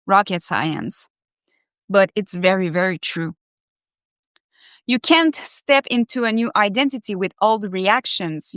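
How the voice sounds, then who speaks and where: A woman talking straight to her live audience, part reading from her own writing and part riffing on it. She sounds candid and effusive, and she swears freely. Her pitch sits in the middle of the usual range, and the sound is dry and close, with no room echo. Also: clean tone. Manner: candid, profanity-laced, self-reflective; animated and effusive. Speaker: live-stream host.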